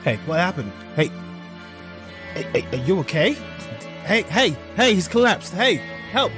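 Animated man playing a tabletop game. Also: high-pitched, measured pace, music in the background. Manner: lively, pleading in character. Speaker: player. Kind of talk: casual tabletop role-play.

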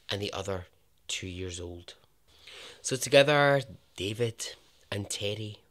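A Scottish man hosting a podcast, narrating a true story in a chatty way with jokey asides and a lowered voice for emphasis. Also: fairly bright tone. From Scotland. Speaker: podcast host.

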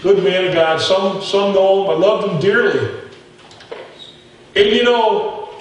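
A man's voice: high voice, heavy reverb, distant mic, slight background noise, poor audio. A man preaching a sermon as pastor, telling stories in a folksy way and talking straight to his folks in the pews. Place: church sanctuary.

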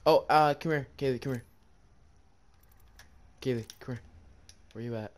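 A young man streaming a video game, chatting casually with a friend, joking and swearing and getting easily excited. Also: mid-range voice, normal speed. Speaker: gaming streamer. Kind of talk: casual gameplay chat.

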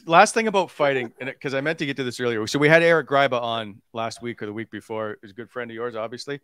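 A man's voice: medium pitch, fast talker, a bit bright, clean tone, dry recording. Guy hosting a pod, asking questions, dry mic. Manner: asks questions and sets up stories. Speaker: podcast host. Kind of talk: casual interview chat.

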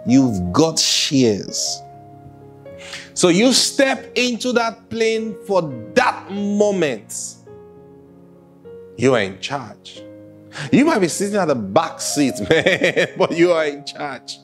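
Slow-preaching man. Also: fairly high pitch, faint music behind. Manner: lively preaching with laughs and acted-out quotes. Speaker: pastor. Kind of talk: sermon.

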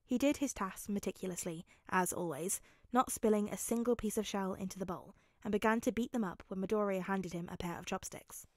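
A woman calmly narrating a fanfic as an audiobook reader. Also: mid-range voice, brisk, dry recording, studio quality. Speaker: podfic reader.

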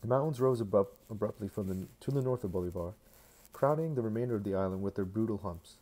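A man's voice: on the low side, fast, warm tone. A man doing a casual fan reading of a novel, tossing in joking asides and restarting words. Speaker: fan reader.

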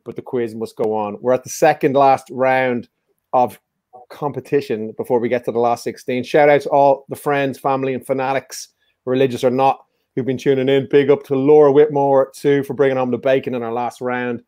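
A man's voice: mid-range voice, flat delivery, fairly quick, mellow, no echo, clean studio sound. A man hosting a live-streamed music quiz in a casual, joking, teasing way. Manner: joking, teasing, playful banter. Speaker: quiz show host.

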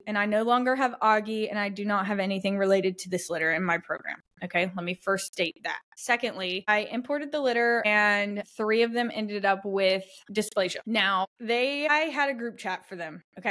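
A woman's voice: a little high, a bit bright. A woman dog breeder, telling her side of a dispute in a defensive, emphatic, casual monologue. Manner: defensive, emphatic storytelling with acted-out quotes. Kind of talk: casual monologue answering questions.

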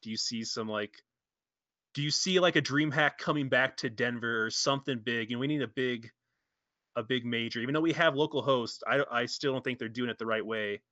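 Bright-voiced swearing male stream host. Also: medium pitch, brisk, no echo. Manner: animated, swearing storyteller who acts out quotes. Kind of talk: casual chat. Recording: dull lo-fi stream audio, dry.

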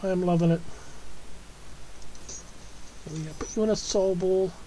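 A woman's voice: on the low side, steady tone, moderate pace, dark tone, a little hiss or hum, poor audio. An Australian woman hosting a gaming channel, chatting casually through her gameplay and coaxing the animals she tames in a cooing, friendly way.

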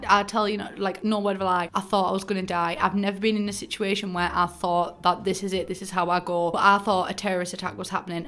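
A young woman with a broad Teesside accent talks her way through a building game. She tells stories in a chatty, self-mocking way, full of local slang. Her pitch sits in a middling range. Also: fairly bright tone. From North East England. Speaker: gaming YouTuber. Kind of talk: casual gameplay commentary.

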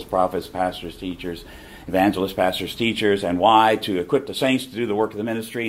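A middle-aged man with a Southern American accent, giving an emphatic preaching talk and repeating his key phrases. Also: lowish voice. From southern United States. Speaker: conference speaker.

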